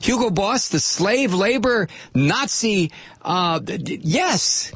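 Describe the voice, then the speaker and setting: A man hosting a political talk radio show, delivering a sarcastic, animated monologue and reading listener messages. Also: high voice, slow, slightly rough, dry recording. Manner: sarcastic, animated, mock voices for quoted people.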